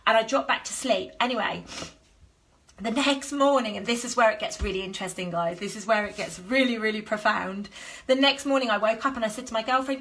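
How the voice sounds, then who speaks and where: Woman health coach on a live stream, bright clear voice, earnest and animated, acts out the dialogue. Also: fairly high pitch, brisk. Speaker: health coach and business founder. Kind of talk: emotional personal storytelling on a live stream.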